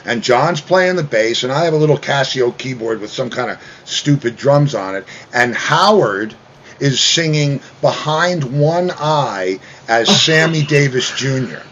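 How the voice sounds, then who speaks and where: A man telling a long story in casual chat, animated, mimicking other people with loud raised voices. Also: mid-range voice, unhurried, dull audio, a little hiss or hum. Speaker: guest musician.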